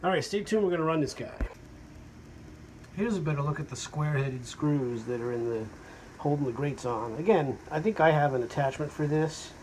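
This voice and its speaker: A man's voice: fairly high pitch, moderate pace, a little mellow, a little hiss or hum, poor audio. A man casually describing a vintage fan he collected, talking in a rambling, hesitant way with frequent fillers. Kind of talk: casual show-and-tell narration. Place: porch at home.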